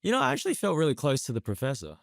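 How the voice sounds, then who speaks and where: A man's voice: a little high, wildly swooping pitch, very fast, gravelly, no echo, clean studio sound. A man with an Australian accent, an actor chatting animatedly as a guest on a podcast interview.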